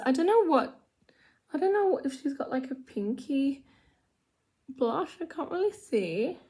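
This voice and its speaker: A woman talks through her makeup in a loose, rambling way, poking fun at herself and sliding into low mutters. Her voice sits a touch high, and the chat feels unscripted and homely, recorded in her room at home. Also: slight background noise. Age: adult with children. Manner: rambling, chatty, self-mocking, drops to mutters. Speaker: vlogger doing makeup. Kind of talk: casual get-ready-with-me chat.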